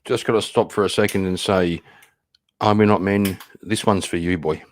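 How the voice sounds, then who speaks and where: A man hosts a stream and reacts to clips, talking bluntly and swearing. His voice is fairly low. He rambles and restarts as he thinks aloud. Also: fairly even intonation, normal speed. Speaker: stream host. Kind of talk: casual reaction commentary.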